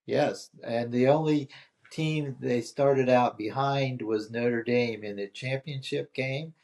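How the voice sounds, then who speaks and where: A man's voice: medium pitch, slow pace, a little mellow. An older man as the guest in a casual chat, speaking tersely and dryly and making his points through questions. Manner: terse, dry, leads with questions.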